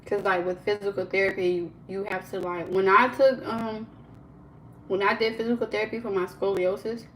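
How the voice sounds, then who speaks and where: A woman's voice: mid-range voice, moderate pace, slight background noise, low-quality recording. Chatty young woman live-streaming at home. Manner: chatty and animated, lots of "like" fillers, laughs often. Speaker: livestream host. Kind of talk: casual live-stream chat. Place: home kitchen.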